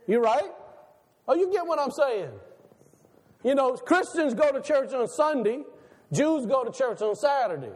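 Male pastor, very high voice, animated sermon delivery with a long hall reverb. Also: a little slow, pauses often. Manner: animated preaching, rhetorical questions, laughs between lines.

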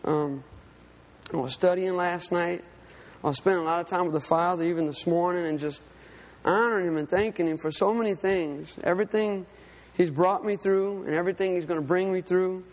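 A man's voice: high voice, fairly quick, in a large hall. A man preaching a sermon, telling a personal story in an earnest, conversational way. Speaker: lay preacher and fishing guide.

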